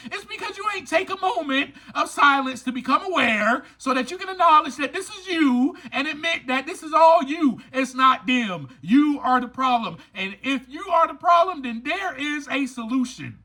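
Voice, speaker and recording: This recovery podcast host speaks in an extremely high, sharp voice with lively intonation, at normal speed and hardly pausing. Talking straight to his listeners in an informal, emphatic, preachy style, he repeats lines for stress throughout his motivational monologue.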